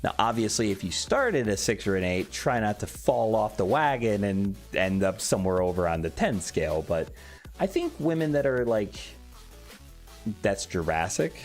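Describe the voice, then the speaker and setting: A man's voice: fairly low pitch, sing-song, normal speed. A man casually chatting on a late-night stream, reading chat aloud and swearing offhandedly. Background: faint background music.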